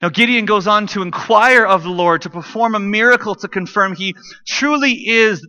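A man's voice: high-pitched, pushed and bright, dull audio. A man preaching a sermon from the stage, conversational and dropping joking asides to the congregation. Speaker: pastor.

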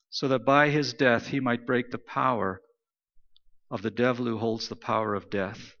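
Man, pastor, sermon, forceful bright voice, emphatic repetition, dull sound. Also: medium pitch, big-room sound. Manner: emphatic, repetitive preaching cadence.

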